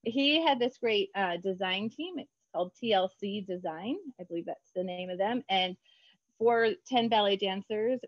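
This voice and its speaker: A woman author chatting in an interview, bubbly and quick, acting out her own remarks in lively voices. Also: medium pitch, no echo, lo-fi sound. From United States. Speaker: author guest. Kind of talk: casual interview chat.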